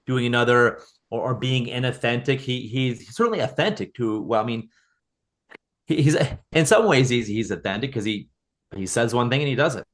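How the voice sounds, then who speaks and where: A man's voice: mid-range voice, moderate pace. A man as a podcast guest, talking earnestly in casual conversation, often restarting and repeating words.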